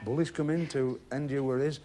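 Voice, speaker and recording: A man's voice: medium pitch, fairly even intonation, fairly quick, mellow, slight background noise. A middle-aged man hosting a TV game show in a studio, jovial and teasing, chatting with contestants. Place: TV studio with audience.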